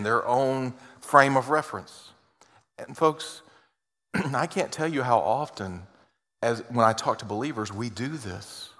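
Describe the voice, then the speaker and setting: A male pastor delivering a sermon in an earnest, heartfelt way. His voice sits at a middle pitch and shifts from loud, pressing emphasis to hushed, personal asides. The sound carries a long reverb, as in a large church sanctuary. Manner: earnest, swings between loud emphasis and quiet intimate asides.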